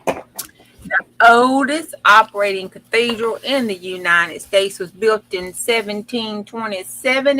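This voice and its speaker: A woman's voice: medium pitch, slow pace, bright, forceful tone, a little hiss or hum, low-quality recording. A woman in casual livestream chat, reading fun facts in a folksy, chatty way and stumbling over words. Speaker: co-host.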